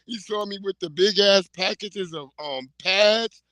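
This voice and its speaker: A man's voice: sits high, a little slow, pushed and bright, no echo. A middle-aged man hosting a casual livestream, rambling through comic stories with lots of swearing and laughter. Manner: rambling comic storytelling, profane, laughing often. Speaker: livestream host.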